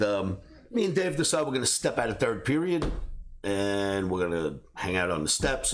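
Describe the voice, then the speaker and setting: A man hosting a trading show, telling a personal story in a casual, animated way and laughing between beats. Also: low-pitched. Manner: animated, laughs through his own stories. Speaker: trading academy host.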